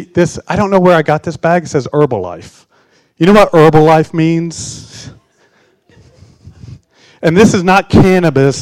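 An older male pastor in his sixties whose fairly high voice rises and falls a lot as he tells a story. His wry, sarcastic delivery comes through in a dry, close recording with no room echo. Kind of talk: sermon with a personal story.

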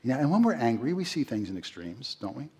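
A middle-aged male pastor delivers a sermon with a slightly husky voice. He talks to his listeners in a conversational way, asks them rhetorical questions and acts out quotes. His voice sits at an ordinary pitch for a man. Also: very animated, quick pace, mellow.

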